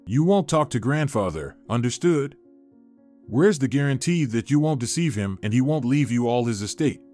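A man's voice: medium pitch, lively intonation, normal speed, dark tone, faint music behind, close to an everyday voice. A man voicing a greedy young woman who is cold and mocking toward her sister, read in a plain storybook manner. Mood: scornful.

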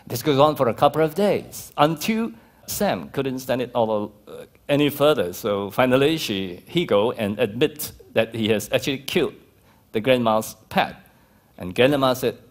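A man's voice: mid-range voice, moderate pace. A male pastor with a Malaysian accent, preaching a sermon and telling stories with acted-out quotes. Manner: lively storytelling with laughs and acted-out quotes.

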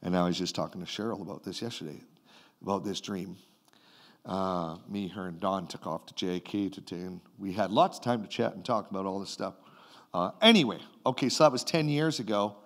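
A Canadian man, a pastor, telling a dream and a vision in a sermon, with his voice swinging between loud bursts and quiet moments. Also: sits low, brisk. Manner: animated, retells a vision in a rising and falling voice. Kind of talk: sermon storytelling.

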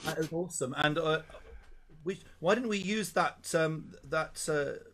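Slow-spoken man hosting a sing-along. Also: on the high side, a bit bright, a little hiss or hum. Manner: leads singing, cheerful joking banter. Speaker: host. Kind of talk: children's sing-along livestream.

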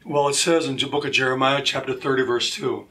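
A man sharing his personal testimony as a talk show guest, animated and acting out the voices of the people in his stories. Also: medium pitch, brisk. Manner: animated, acts out quoted voices. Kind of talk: storytelling testimony.

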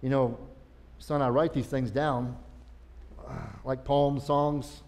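A man playing an aging king who gives his son fatherly, confessional advice in a slow, reflective way. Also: medium pitch, level tone, a little mellow, natural voice. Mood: remorseful. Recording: long church reverb.

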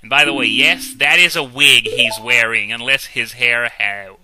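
Over video game music, a young let's-play commentator chats casually and pokes fun at himself, dropping frequent "uh"s and "um"s. His voice is mid-range with fairly even intonation at a moderate pace, and the audio quality is poor.

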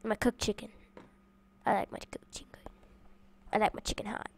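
A woman chatting playfully through a game with her siblings, excitable and prone to yelps and shouts. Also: medium pitch, moderate pace, creaky, whispered. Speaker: gamer playing with her siblings. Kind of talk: casual gameplay chat. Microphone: desk microphone.

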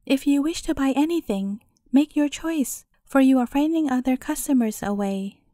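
A patient mother selling vegetables in a storybook market, plain-spoken and polite but firm, voiced by a woman narrator. Her voice is high and soft-toned, recorded dry. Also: expressive, moderate pace, dry recording.

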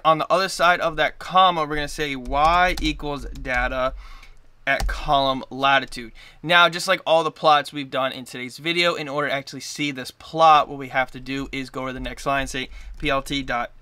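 A man's voice: a little high, fairly even intonation, moderate pace, sharp tone, clean tone, no echo. A man hosting a coding tutorial, talking enthusiastically and often correcting himself mid-sentence. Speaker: programming tutorial host. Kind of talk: screen-share coding tutorial.

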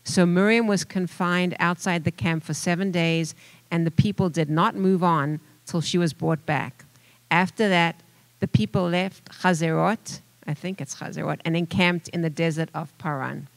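A congregant with a South African accent reading a scripture passage aloud to the group, steady and careful. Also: medium pitch, moderate pace, creaky, no echo, low-quality recording. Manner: steady, careful reading with small self-corrections.

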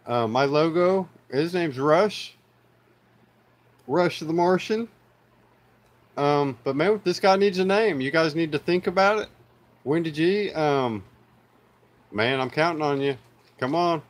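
A man's voice: fairly high pitch, takes it slowly, long pauses. Laid-back Oklahoma man live-streaming. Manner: laid-back, rambling with many fillers, calls viewers y'all. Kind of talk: casual live-stream chat.

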